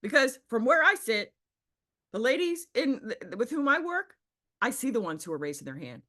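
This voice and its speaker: A woman business coach leading a group video call, talking emphatically and acting out other people in a high squeal. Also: sing-song, moderate pace, bright, forceful tone. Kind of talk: animated coaching talk.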